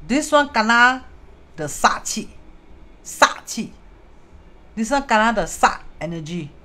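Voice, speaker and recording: A woman's voice: fairly high pitch, expressive, moderate pace, sharp tone. Chatty Singaporean woman teaching feng shui. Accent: Singaporean English. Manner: chatty, mixes in Hokkien and Mandarin words; greets viewers mid-explanation. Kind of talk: casual live-stream talk.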